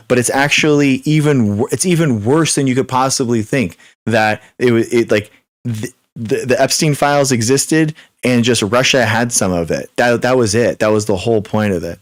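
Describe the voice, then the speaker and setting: A young man hosting a live stream, answering chat questions in a rapid, repetitive, exasperated way with many restarts. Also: mid-range voice, no echo, clean studio sound. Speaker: livestream host. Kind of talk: live Q and A chat reading viewer comments.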